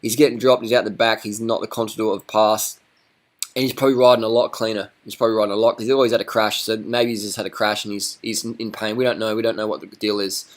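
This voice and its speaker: A man's voice: lowish voice, level tone, quick pace. A man giving blunt, casual commentary over race footage, swearing and teasing the riders. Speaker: cycling commentator.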